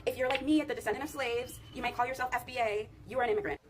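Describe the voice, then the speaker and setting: A woman's voice: on the high side, steady tone, racing, noisy background. A woman making insistent, declarative statements in a video.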